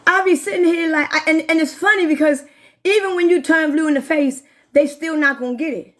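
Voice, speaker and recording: Woman, 40s, high voice; heated live-stream rant, cursing nonstop at her viewers. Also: fairly quick, a bit bright. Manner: heated, swears constantly, talks straight to viewers. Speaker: livestreamer.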